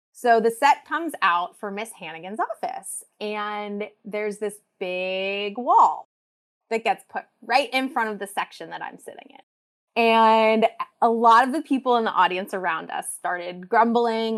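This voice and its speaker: A woman's voice: mid-range voice, expressive, unhurried. A woman guest on a podcast, telling a personal story in a reflective way, with frequent fillers. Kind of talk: casual conversation.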